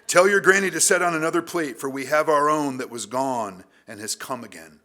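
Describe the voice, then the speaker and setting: A man's voice: fairly high pitch, fairly quick, bright, forceful tone. A man putting on a fond old Southern farmer. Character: old Southern farmer father, tender and welcoming.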